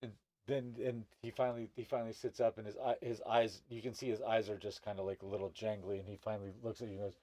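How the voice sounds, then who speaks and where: Man narrating a tabletop game, halting. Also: lowish voice, flat delivery, darkish tone, no room sound. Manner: halting, lots of restarts. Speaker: game master.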